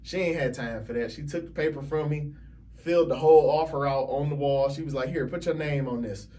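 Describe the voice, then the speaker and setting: Animated storytelling man. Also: on the high side, a little fast, far from the mic. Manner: animated storyteller, laughs often, acts out others' lines. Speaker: podcast guest, realtor. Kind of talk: casual storytelling.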